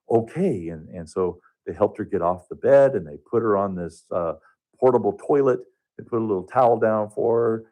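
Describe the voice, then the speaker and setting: A man telling a personal story as a guest on a radio talk show, earnest and halting, often restarting his sentences. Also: fairly low pitch, dark tone. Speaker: radio guest, hospice touch therapist.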